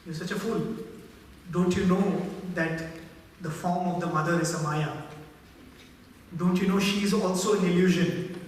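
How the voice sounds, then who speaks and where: A man's voice: high voice, steady tone, measured pace, pauses often, slight background noise. A man putting on the voice of a stern, scornful ascetic teacher while telling a story, in an echoey hall heard from far off. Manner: scolding, lecturing.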